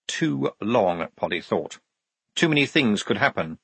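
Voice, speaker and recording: A man narrating an audiobook with lively, expressive storytelling. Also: on the low side, a little slow, gravelly, breathy edge, dry recording. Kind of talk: scripted narration.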